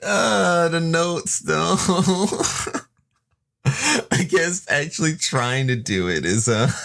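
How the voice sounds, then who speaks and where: Slow, gravelly-voiced male streamer. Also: on the high side, a bit bright. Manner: rambling and self-deprecating, trails off mid-sentence. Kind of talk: casual livestream chat while recording a song.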